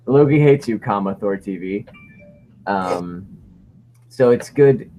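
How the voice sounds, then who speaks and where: Livestream co-host, man, lively up-and-down delivery, rambling jokey chatter. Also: on the low side, slow, pauses often, slight background noise. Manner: rambling, joking, reads viewer questions. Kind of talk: casual livestream chat.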